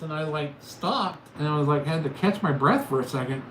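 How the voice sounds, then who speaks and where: His voice is a little high, his pace moderate. He's a middle-aged livestream host chatting casually from home, spinning meandering, self-deprecating stories over loud background noise in a room full of echo.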